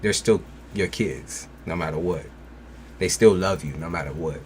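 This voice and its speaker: A man's voice: low voice, moderate pace, a little hiss or hum. A man giving a live-streamed tarot reading, talking bluntly and casually while reassuring the viewer. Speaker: tarot reader.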